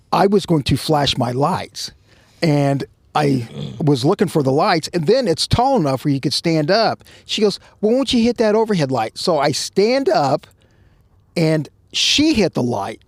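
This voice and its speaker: A man's voice: fairly high pitch, sing-song, a little slow, gravelly, husky, no echo, studio quality. A man and former undercover cop on a podcast, telling a rambling, self-mocking story with quoted dialogue. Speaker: podcast co-host, former undercover police officer. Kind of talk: casual storytelling.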